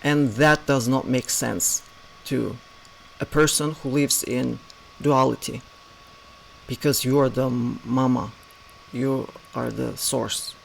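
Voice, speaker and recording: A man giving a reflective spiritual talk with a gravelly, creaky texture at a middling pitch. He leans on rhetorical questions and quiet asides. A faint noise sits behind him. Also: steady tone, takes it slowly, long pauses, rough recording. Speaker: spiritual teacher.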